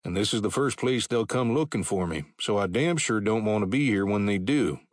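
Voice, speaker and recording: A man voicing a somber, imposing cowboy drifter in an audiobook western, terse and even-toned. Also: on the low side, fairly quick, dry recording, clean studio sound, natural voice.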